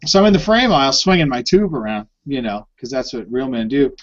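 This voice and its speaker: A man's voice: medium pitch, very animated, brisk. A man co-hosting a live stream chat, telling an anecdote with lots of energy and free swearing. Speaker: podcast co-host. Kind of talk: casual storytelling chat. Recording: dull lo-fi live stream audio.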